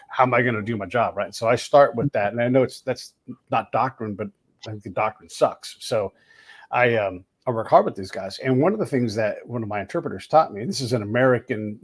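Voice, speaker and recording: A man hosting a podcast, telling blunt, animated anecdotes in a casual chat. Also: lowish voice, breathy edge. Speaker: podcast host.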